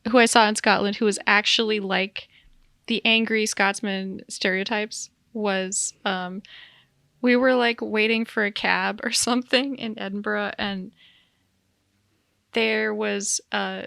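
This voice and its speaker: A woman's voice: medium pitch, fairly even intonation, a little slow, vocal fry, pushed and bright, clean tone, no room sound, clean studio sound. A woman co-hosting a podcast in casual chat, rambling with asides and giggling often. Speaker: podcast co-host.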